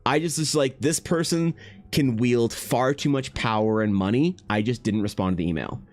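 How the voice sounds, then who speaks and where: A man's voice: medium pitch, moderate pace, a little mellow. A man from Canada, chatting casually on his art livestream and rambling through a profane anecdote full of restarts. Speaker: artist streaming while drawing. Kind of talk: casual live-stream chat.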